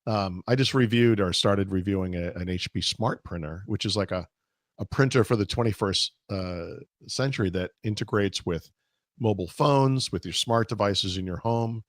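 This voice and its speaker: A man co-hosting a casual tech podcast, losing his voice and clearing his throat, rambling with fillers and restarts. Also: lowish voice, moderate pace, no echo, studio quality. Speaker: podcast co-host.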